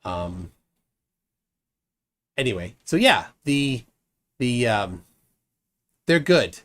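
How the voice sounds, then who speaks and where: A man's voice: mid-range voice, big pitch swings, extremely slow, a bit bright. A married man hosting a live stream, chatting casually and reading out viewers' comments, with many restarts and fillers. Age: adult, married. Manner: rambling with frequent restarts and fillers.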